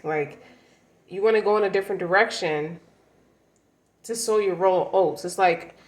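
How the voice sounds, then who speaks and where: A woman's voice: fairly low pitch, unhurried, long pauses, reverberant, poor audio. A woman giving a casual tarot reading, talking in a blunt, slangy, emphatic way. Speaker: tarot reader.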